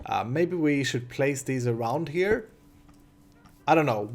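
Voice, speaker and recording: A man's voice: medium pitch, expressive, takes it slowly, a little mellow. A man in his thirties with a Swedish accent, hosting a casual gameplay commentary and chatting in a rambling way with many restarts. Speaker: host.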